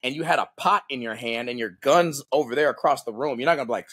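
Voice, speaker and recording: A man's voice: medium pitch, quick pace, few pauses, breathy edge. A man who is a guest on a podcast and works as a combat coach, talking casually and acting out quoted lines as he tells stories. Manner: animated storyteller, acts out quotes, peppers talk with "right?" and "bro".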